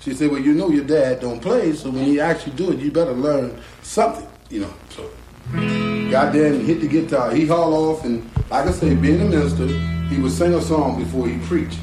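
A middle-aged man, a guitarist, telling a story slowly and drawling, acting out the voices of the people in it. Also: a little high, warm tone. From North Carolina. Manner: slow, drawling, acts out quoted voices. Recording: roomy echo, guitar behind.

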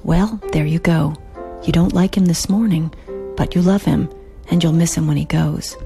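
A woman voicing a calm, wise female farm cow who speaks gently and reassuringly in a spoken story. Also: low voice, normal speed, faint music behind.

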